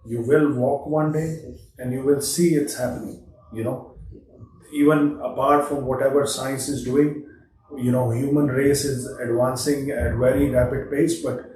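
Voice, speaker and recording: A man's voice: mid-range voice, steady tone, unhurried, darkish tone. A man from India hosting a podcast, chatting in a hesitant way with many fillers. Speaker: podcast host. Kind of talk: casual interview chat. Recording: distant mic in a very echoey room with faint noise.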